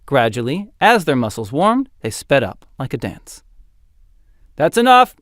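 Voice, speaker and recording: A man narrating a fantasy audiobook in an expressive, dramatic storytelling style. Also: medium pitch, moderate pace, dry recording, clean studio sound. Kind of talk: scripted narration.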